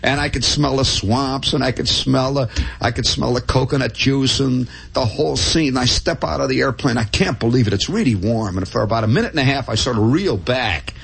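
A man's voice: medium pitch, brisk, vocal fry, a bit bright, slightly rough. A man telling a long, rambling first-person story in a wry, conversational way, with many restarts and asides.

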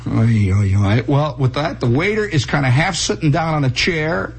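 Brief: man, comic storyteller, lively swooping delivery, husky, old radio tape. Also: a little high, normal speed, low-quality recording. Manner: animated, breathless storytelling with voiced characters.

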